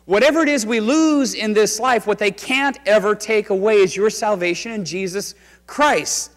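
Pastor guy preaching, high voice, goes loud then real quiet, lots of church echo. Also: moderate pace. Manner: conversational, dramatic storytelling from loud to hushed. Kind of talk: sermon. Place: church sanctuary. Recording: reverberant church sanctuary.

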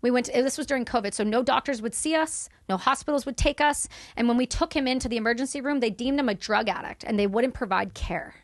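A woman's voice: fairly high pitch, fast talker, few pauses, no echo, studio quality. A woman in her thirties from Canada, a podcast guest telling her story in candid, emphatic conversation. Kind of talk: casual conversation.

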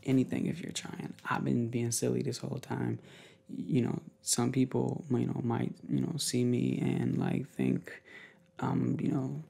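A man chatting to viewers in a casual ASMR video, moving between soft talk and whispers, rambling, upbeat and affectionate. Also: medium pitch, unhurried, vocal fry, slightly rough. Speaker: ASMR creator.

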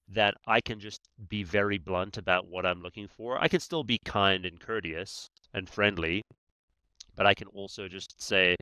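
A man's voice: fairly low pitch, bright, forceful tone, clear, resonant tone, dry recording. A man, a guest expert on negotiation, talking in a conversational way and often tagging his points with "right?". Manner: emphatic, many "right?" tags. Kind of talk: conversational explaining.

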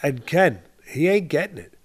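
A man's voice: on the high side, expressive, normal speed, husky. Older man, emphatic boxing podcast host. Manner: emphatic, repeats phrases for stress, addresses co-host by name. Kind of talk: impassioned podcast commentary.

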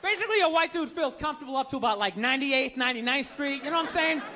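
A man's voice: very high-pitched, lively intonation, rapid-fire, bright, forceful tone, slight background noise. A male stand-up comedian ranting and swearing, telling exasperated stories to a live audience. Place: large comedy venue. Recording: live hall with crowd laughter.

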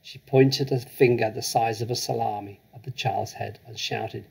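A man reading a children's story aloud with measured, expressive narration. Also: medium pitch, gravelly, breathy edge, low-quality recording. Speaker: story reader.

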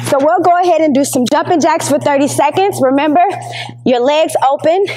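A woman's voice: high-pitched, a little fast, warm tone, soft background music, poor audio. A woman leading an exercise lesson as a PE teacher, counting down reps and encouraging while she works out, slightly out of breath.

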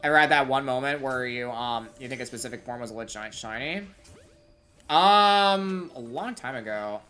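A woman streaming a game live, chatting with viewers in excitable gamer slang. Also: extremely low pitch, moderate pace, soft background music. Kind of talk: live gameplay streaming chat.

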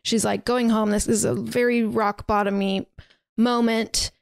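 A woman's voice: fairly high pitch, level tone, a little slow, creaky, smooth, no room sound. Chatty woman podcaster, dry close sound. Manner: rambling, filler-heavy storytelling with lots of "like" and "um". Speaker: podcast co-host. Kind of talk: casual chat recapping a horror film. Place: podcast recording setup.

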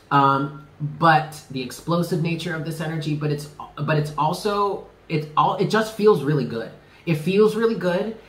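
A man's voice: fairly high pitch, a bit bright. A man giving a casual tarot reading to his viewers, effusive and emphatic, swearing freely and laughing often. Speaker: tarot reader. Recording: echoey room with faint background noise.

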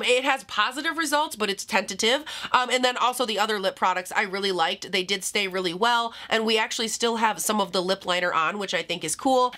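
A woman's voice: mid-range voice, pushed and bright. A young woman with a slightly nasal voice, chatting to camera in a casual makeup review with giggly, self-deprecating asides. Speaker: beauty vlogger.

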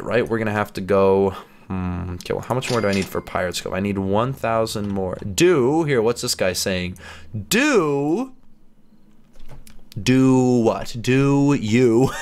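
A man giving excitable let's play commentary as a gaming YouTuber, chatty and laughing often as he plays. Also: lowish voice.

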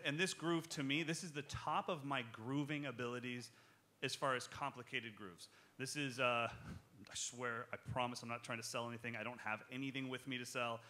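A man's voice: mid-range voice, normal speed, sharp tone. A man teaching a live drum clinic, joking and talking straight to the audience as he explains his playing and takes questions. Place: music shop clinic in front of an audience.

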